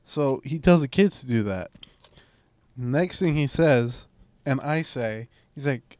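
A young man chats casually with a co-host. He tells stories with animated swings, swearing freely and acting out what people said in a louder voice. His pitch sits in the middle range. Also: slow pace, no echo. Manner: animated storyteller, swears, acts out quotes loudly. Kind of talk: casual chat.

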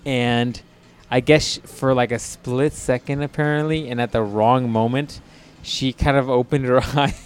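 In an unhurried, mid-range voice with fairly even intonation, a man co-hosting a podcast tells a crude story casually and loosely. Frequent laughs and fillers run through it.

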